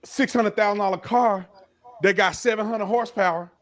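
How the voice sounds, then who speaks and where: A man's voice: high voice, moderate pace, a bit bright. A man giving exasperated, slangy reaction commentary on a traffic stop video, telling his own stories and lecturing. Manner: slangy casual speech.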